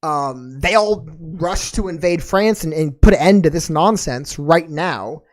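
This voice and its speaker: A woman with a somewhat low voice hosting a casual podcast chat. She rambles from one tangent to the next, slangy and laid-back, with fillers and false starts all through. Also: expressive, measured pace. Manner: laid-back and slangy, calling listeners dude and man. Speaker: podcast host.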